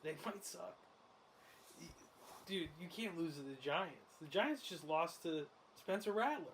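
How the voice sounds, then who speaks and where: Excitable male host, fairly high voice, laughs a lot, live betting chatter over a faint hiss. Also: a little slow. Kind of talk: casual sports betting commentary while watching a game.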